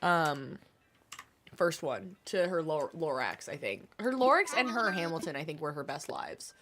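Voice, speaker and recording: A woman's voice: sits low, animated, unhurried, background noise. A young woman streaming a game, chatting casually and answering her chat, with a stuffy nose. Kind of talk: casual chat while gaming.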